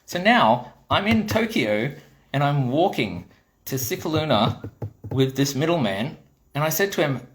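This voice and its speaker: A man's voice: on the high side, measured pace. Aussie bloke ranting about his toy business, swears a lot, plays out the back-and-forth, casual chat. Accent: Australian. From Australia. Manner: blunt and swearing, animated retelling with quoted dialogue. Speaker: toy designer. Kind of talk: casual storytelling monologue.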